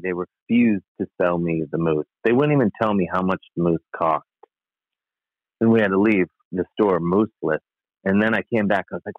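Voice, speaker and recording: A man's voice: low voice, dry recording. A man telling a rambling, self-mocking story in a casual, dry comic way. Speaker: podcast guest storyteller. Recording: tinny phone-like line, dry.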